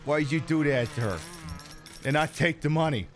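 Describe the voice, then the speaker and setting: A man streaming a game with animated, sarcastic running commentary. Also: fairly high pitch, moderate pace, slight background noise. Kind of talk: let's play commentary.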